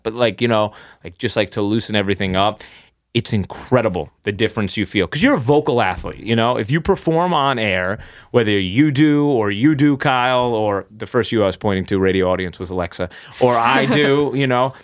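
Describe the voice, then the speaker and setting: A man's voice: on the low side, no echo, clean studio sound. A young man who does sports play-by-play, chatting on a podcast in a rambling, self-deprecating way. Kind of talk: casual podcast chat.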